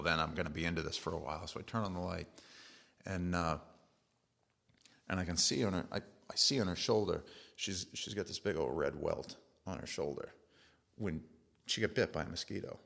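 A middle-aged male pastor delivers a sermon in an earnest, conversational way, slipping into personal stories. His voice sits very low. It has a gravelly edge. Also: fairly bright tone.

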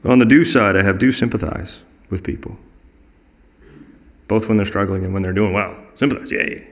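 A man with a low voice that has a gravelly fry in it tells earnest, reflective personal stories. He talks in a conversational way and sometimes acts out the words of other people. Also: steady tone, moderate pace. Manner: earnest and reflective, acting out quoted dialogue. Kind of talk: personal storytelling in a conversational talk.

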